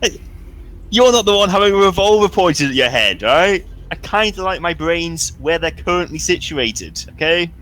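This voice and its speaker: A man voicing Seamus, an indignant, nervous old man in a tabletop game, protesting in a pitched-up, flustered way. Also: animated, brisk, few pauses, sharp tone.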